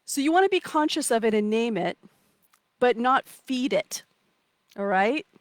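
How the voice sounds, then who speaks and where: A woman's voice: fairly high pitch, expressive, measured pace, no echo. A woman coaching a live online session from outdoors, playful and encouraging, reading out comments and acting out inner voices. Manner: warm, playful, reads out chat comments.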